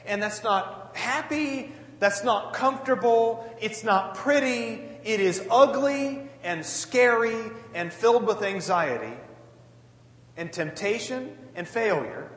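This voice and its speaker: Man, high voice, lively and earnest conversational preacher, booming echoey hall. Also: slow pace. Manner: earnest, animated, many casual asides. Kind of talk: conversational sermon. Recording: echoey hall with long reverb.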